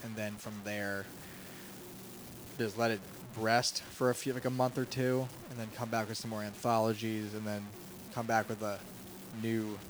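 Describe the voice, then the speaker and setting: A man's voice: fairly low pitch, level tone, normal speed. A young man co-hosting a podcast in casual chat, laid-back and rambling, with faint noise behind. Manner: laid-back, rambling, drops into joke accents. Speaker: podcast creator and co-host.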